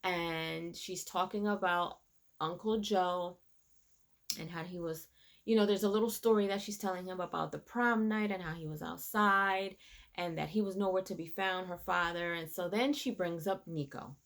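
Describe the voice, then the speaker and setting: Lady recapping a show, kinda low voice, gets really animated retelling stuff. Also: normal speed. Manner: animated, quotes characters in retelling. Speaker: reviewer. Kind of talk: casual recap of a TV episode.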